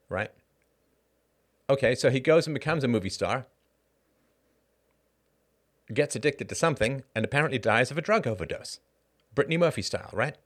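A middle-aged man hosting a casual solo monologue, animated and rhetorical, with short laughs and frequent asides of "right?". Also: medium pitch, fairly quick. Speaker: podcast host.

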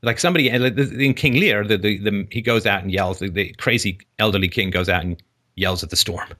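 Low-voiced man hosting a call-in show. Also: brisk, pushed and bright. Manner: digressive, acts out dialogues with shifting voices, laughs at own jokes. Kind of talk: casual philosophical call-in talk.

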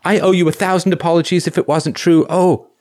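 A man voicing an upset young woman leaving answering-machine messages, shrill and pleading, repeating herself. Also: fairly even intonation, a little fast, darkish tone, natural voice.

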